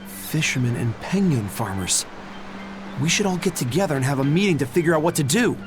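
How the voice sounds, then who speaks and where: A man's voice: a little high, lively intonation, brisk, over music, close to an everyday voice. A man voicing a fisherman villager in a video game, talking matter-of-factly with an odd glee. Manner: matter-of-fact, oddly gleeful. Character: gruff, odd male fisherman.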